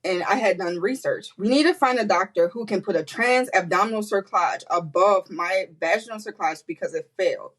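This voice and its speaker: A woman guest on a podcast, telling a personal story with animated quoted voices and frequent laughter. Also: fairly quick, hardly any pauses, poor audio. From United States. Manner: animated, acts out quotes with high pitch, laughs often. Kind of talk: emotional storytelling interview.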